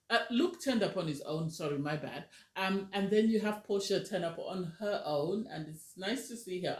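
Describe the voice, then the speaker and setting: A woman casually reviewing a reality TV episode, animated and ranting, often acting out what people said. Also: lowish voice. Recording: roomy echo.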